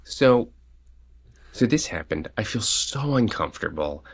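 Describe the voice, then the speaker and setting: A middle-aged man tells a story to his co-host in a loose, casual way. His voice is low and gravelly, and it leaps up in pitch whenever he acts out someone else's words. He sounds like a relaxed dad chatting with a friend. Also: a little slow. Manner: animated, jumps high to act out quoted voices. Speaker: podcast co-host.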